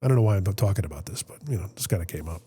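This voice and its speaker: A man hosting a podcast, telling a personal family story in a reflective, emotional way, often trailing off softly, with a Middle Tennessee accent. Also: low voice, animated, very fast, husky, no echo, studio quality. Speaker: podcast host. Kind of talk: candid conversational storytelling.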